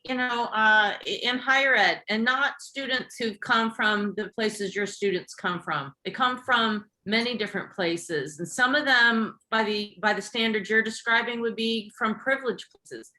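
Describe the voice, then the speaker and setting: A woman in a class discussion on a video call, speaking in a halting way with fillers. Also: fairly high pitch, pushed and bright, low-quality recording. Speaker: class participant.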